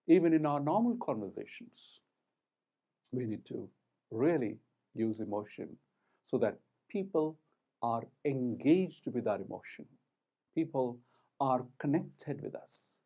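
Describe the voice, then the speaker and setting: A man giving a recorded lecture on communication skills, talking in a deliberate, emphatic way and stressing words for effect. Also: mid-range voice, expressive, mellow.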